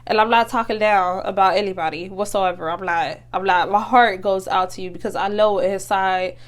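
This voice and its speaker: A woman's voice: medium pitch, steady tone, moderate pace. A young woman, hosting a casual motivational talk, chatty and earnest with many fillers and restarts. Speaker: podcast host.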